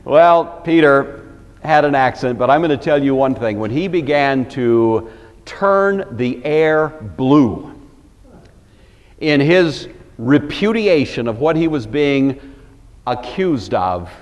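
A man's voice: medium pitch, lively intonation, slow, long reverb tail. A man from the Pacific Northwest giving a Bible study lecture, emphatic and wry, with conversational asides. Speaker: Bible teacher.

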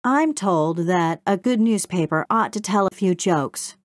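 A woman reading a storybook and voicing a polite, earnest male beaver who speaks calmly and matter-of-factly. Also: mid-range voice, a little slow, no room sound, lightly acted.

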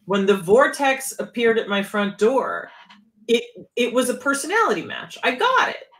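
A woman keytar player in casual chat, talking with animated, swooping emphasis. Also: a little high, normal speed.

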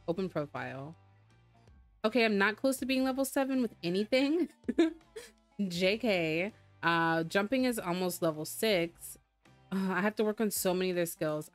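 A woman giving casual let's-play commentary, chatty and rambling as she narrates her own moves in the game. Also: lowish voice. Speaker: gamer.

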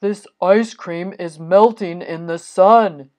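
A woman's voice: fairly low pitch, slow, a little mellow. A woman voicing a small, fretful male toad in a storybook reading, crying out in alarm. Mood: earnest. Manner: cries out in rising alarm.

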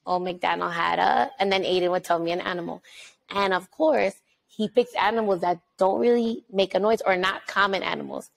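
Chatty woman podcast host, slightly gravelly. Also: mid-range voice, low-quality recording. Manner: chatty storyteller, quick asides. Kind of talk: casual chat.

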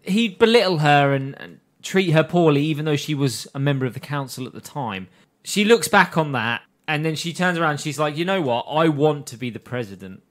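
A man's voice: fairly high pitch, lively intonation, brisk. Chatty male podcaster recapping a story. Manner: laughs often, recaps scenes with quoted lines. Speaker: podcast co-host recapping an anime. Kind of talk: casual podcast chat.

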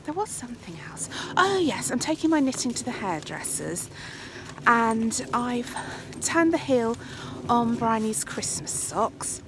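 A woman's voice: fairly high pitch, noisy background. An English woman hosting a casual vlog, talking into her phone while out walking and later at home. She chats freely and often drops into a whisper. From England. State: out of breath. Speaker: podcast host. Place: outdoors on a walk, then indoors. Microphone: phone held at arm's length.

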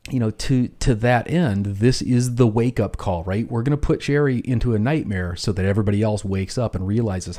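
A man's voice: fairly low pitch, warm tone. A man hosting an educational film commentary, explaining casually with lots of "you know" and "right?".

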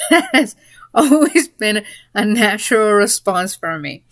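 A woman's voice: medium pitch, sing-song, a little slow, a bit bright, dry recording. A woman in a casual spoken monologue, rambling a little and breaking into giggles mid-sentence. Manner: rambling, with fillers and restarts. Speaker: vlogger.

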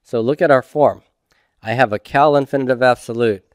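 A man's voice: mid-range voice, brisk, no echo. A man teaching a homework review lecture, patiently asking questions and answering them himself. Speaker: Hebrew instructor.

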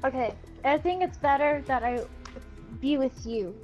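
A woman's voice: sits high, lively intonation, a little slow, dull audio, faint music behind. A woman chatting casually and hesitantly while playing a video game with her boyfriend. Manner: hesitant and easily flustered, swears. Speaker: girlfriend, fellow player. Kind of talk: casual gameplay chat.

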